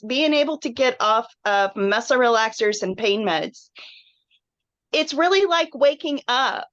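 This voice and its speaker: Woman, emotional testimonial, unhurried, dull lo-fi video call sound. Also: a little high, lively intonation, fairly bright tone, no room sound. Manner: earnest, emotional, rambling with frequent "like". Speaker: webinar guest sharing a health story. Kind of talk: candid personal testimonial. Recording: dull, muffled online call audio.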